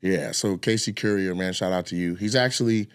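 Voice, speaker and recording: A man's voice: low-pitched, a little fast, clear, resonant tone, no echo, clean studio sound. A man chatting as a guest comedian on a podcast, laid-back, with a lot of fillers. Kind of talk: casual chat.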